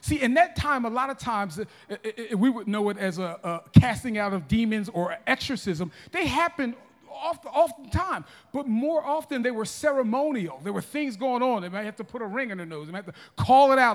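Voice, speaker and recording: A man's voice: very high-pitched, lively intonation, fairly quick. A man in his forties preaching a sermon as pastor, emphatic, with frequent restarts and calls to the congregation. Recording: long reverb of a large hall.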